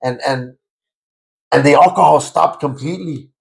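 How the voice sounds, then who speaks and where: A man telling his conversion testimony in a conversation, repeating himself and stammering, and turning loud and fervent as he relives praying, with Spanish words slipping in. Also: a little high, moderate pace, vocal fry. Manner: grows loud and fervent when reliving prayer. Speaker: guest giving a testimony.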